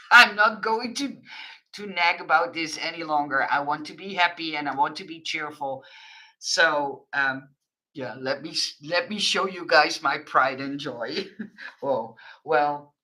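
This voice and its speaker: Slow, very bright-voiced woman. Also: sits low, poor audio. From Netherlands. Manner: frank, chatty, laughs often. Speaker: craft vlogger. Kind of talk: casual chat to viewers.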